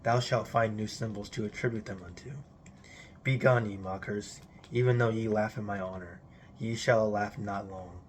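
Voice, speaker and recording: A man's voice: fairly low pitch, a little hiss or hum. A man giving a solemn, declamatory recitation of an archaic religious text in an intoned delivery. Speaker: reader.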